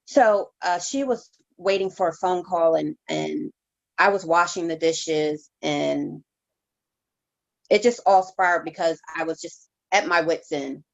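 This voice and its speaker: A woman reverend telling her personal testimony as an interview guest, in a halting, heartfelt way with many restarts. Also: fairly low pitch, creaky, highs cut off.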